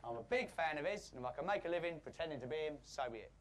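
A male comedian with a London accent delivering a deadpan mock sermon with a gruff, blokey put-on voice. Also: fairly high pitch, rapid-fire. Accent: London English.

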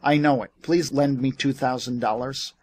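A man's voice: mid-range voice, steady tone, moderate pace, a little mellow, slight background noise, close to an everyday voice. A man voicing a stubborn one-armed war veteran who pleads and insists, in an audiobook. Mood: pleading.

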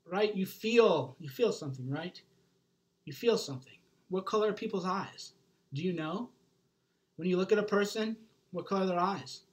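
A man's voice: high-pitched, normal speed, long pauses. A man giving an intense, emphatic motivational monologue to camera, swearing freely and checking in with his listener again and again. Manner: intense, emphatic, profane, keeps checking in with "right?". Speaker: self-help author.

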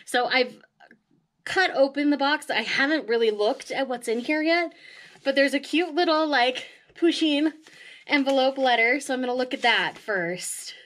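A woman's voice: sits high, moderate pace, fairly bright tone. A woman hosting a casual unboxing vlog, gushing and emotional, often laughing as she talks to her viewers. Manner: chatty, addresses viewers directly. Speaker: manga vlogger.

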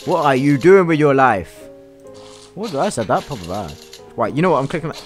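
A young gaming YouTuber provides crude, swear-filled commentary while mocking the game he's playing. His medium-pitched voice is sing-song and brisk, with faint music behind it.

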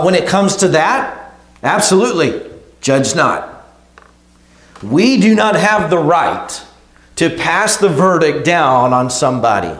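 A man preaching a sermon to his congregation in a conversational way, often restarting phrases and checking in with "okay?" and "right?". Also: on the high side. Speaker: pastor. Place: church sanctuary. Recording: echoey church room.

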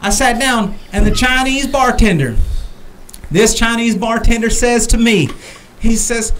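A man's voice: extremely high pitch, unhurried, fairly bright tone, slight background noise. A man co-hosting a talk show, telling a rambling comic story and repeating lines for laughs.

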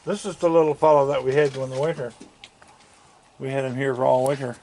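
This man speaks at a medium pitch with a darkish tone and fairly even intonation. Standing outdoors on his deck, he films his yard on a handheld camera and chats slow, gravelly and fond to the raccoons he feeds, in casual talk to animals.

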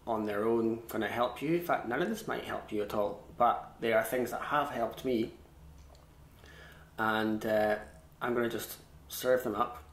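A man giving a relaxed online fiddle lesson, chatty and self-deprecating, scat-singing rhythms as he explains them. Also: mid-range voice, a little slow. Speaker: fiddle tutor. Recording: echoey room.

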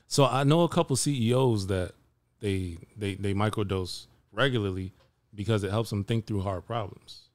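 Low-voiced man with dry quips. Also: normal speed, no echo. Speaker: podcast co-host. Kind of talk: casual chat.

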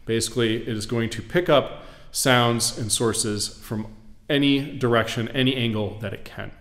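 A man teaching audio engineering, explaining microphone patterns in a steady, clear way while he walks around the mic in a large recording studio. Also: mid-range voice, normal speed. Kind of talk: studio demonstration lesson. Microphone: studio condenser mic at varying distance. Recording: roomy studio reverb, voice moving off-mic.

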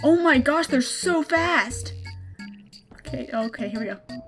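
High, lively young woman reacting to a game. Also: measured pace, loud music behind the voice. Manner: excitable, jumpy, frequent nervous laughter. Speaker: gaming streamer. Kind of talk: reaction gameplay commentary.

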